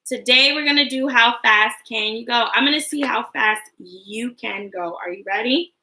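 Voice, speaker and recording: Bright sing-song teacher woman. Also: on the high side, measured pace, few pauses. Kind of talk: early-grade livestream lesson.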